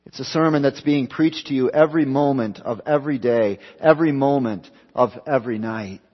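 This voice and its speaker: A pastor delivering an evening sermon, building phrases through repetition and rising and falling for emphasis. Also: male voice, medium pitch, fairly quick, in a large hall, highs cut off. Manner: preaching with repetition, swelling and dropping for emphasis. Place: church.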